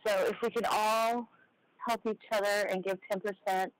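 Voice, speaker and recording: A woman's voice: mid-range voice, steady tone, normal speed, clear, resonant tone, low-quality recording. A woman co-hosting a podcast, speaking sincerely and earnestly as she closes the show. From Oregon, United States. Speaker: podcast co-host. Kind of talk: heartfelt closing remarks.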